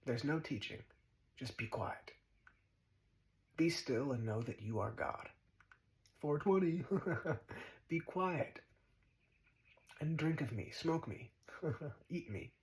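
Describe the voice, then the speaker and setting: A man's voice: mid-range voice, a little slow, pauses often, a little mellow, low-quality recording. A man giving a spiritual monologue as a teacher, blunt and profane, mocking his listeners and repeating short commands.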